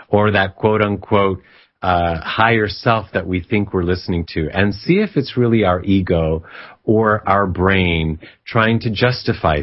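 A man casually telling a story in an emphatic, reflective way, often retelling a conversation. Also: lowish voice. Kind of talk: casual spoken storytelling monologue. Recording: slightly dull lo-fi recording.

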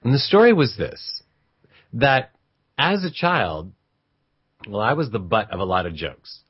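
A man's voice: medium pitch, very animated, measured pace, breathy edge, dry recording, dull audio. A middle-aged man who grew up in an Italian family tells a personal story in a conversational, reflective way, with restarts and quoted voices of relatives.

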